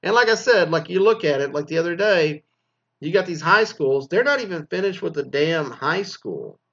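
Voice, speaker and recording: A man in his forties, a former teacher from Texas, ranting bluntly with constant swearing and animated storytelling. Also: a little high, moderate pace. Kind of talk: profane ranting monologue. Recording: slightly dull lo-fi recording.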